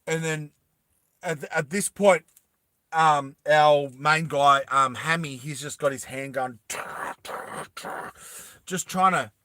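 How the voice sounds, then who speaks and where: A man casually retelling a film, animated and making sound effects. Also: a little high, slow pace, long pauses, no echo, studio quality. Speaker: storyteller.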